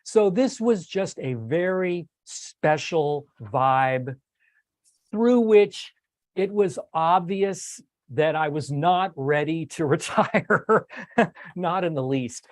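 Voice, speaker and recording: An older man hosts a relaxed talk with a slightly high voice, rambling and restarting his sentences with plenty of fillers. The sound is dry and close, with no room behind him. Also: no echo. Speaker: host. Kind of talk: casual recap talk on a video stream.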